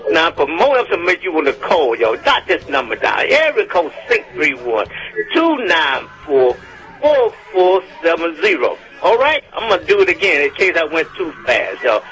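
Man, gospel radio host, animated, pleading, says "y'all" a lot, dull lo-fi radio sound. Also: a little high, moderate pace. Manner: lively, pleading, repeats "y'all" often.

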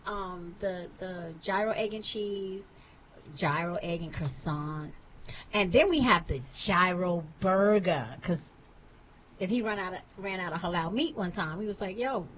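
Playful Long Island woman, bright voice, guest in a casual chat, slightly muffled. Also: fairly low pitch, unhurried, a little hiss or hum. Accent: Long Island New York. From Long Island, New York.

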